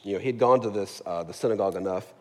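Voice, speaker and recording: A pastor with a lowish voice speaks fast in a church sanctuary, preaching in a casual, joking style and often asking the congregation "right?" The recording has slight background noise and a long hall reverb.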